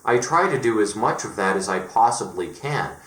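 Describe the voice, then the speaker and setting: A man's voice: fairly low pitch, animated, normal speed, a bit bright, roomy sound. A man from Colorado delivering an emphatic, profane, exasperated monologue as a vlogger. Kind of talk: ranting monologue.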